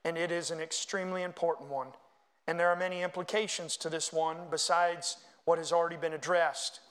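A man preaching a sermon, reading scripture aloud and making animated asides to the congregation. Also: on the high side, fairly quick. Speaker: pastor.

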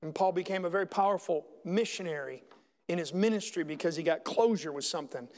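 A male pastor delivers a sermon quickly in a high, light voice with a darkish tone. His preaching builds in emphasis, and the audio carries the long reverb of a large hall.

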